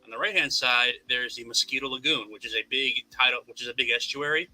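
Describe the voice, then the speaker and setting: A man in Florida tells a long story in a casual podcast chat, rambling, swearing, and restarting his sentences again and again in a wry, profane way. His medium-pitched voice is quick, bright, and forceful, with faint music behind it on a low-quality recording.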